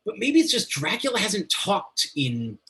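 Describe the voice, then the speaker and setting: A man's voice: high voice, sing-song, measured pace, sharp tone. A man speaking as a guest in a casual interview, a metal journalist who rambles enthusiastically and swears freely.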